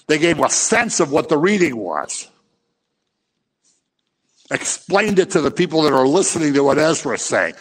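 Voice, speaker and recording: Delivering a sermon with fiery passion, a male preacher rebukes his listeners and plays out small scenes, his pitch rising and falling dramatically. He speaks in a sing-song way at a moderate pace with long pauses, his voice echoing at length in a big hall.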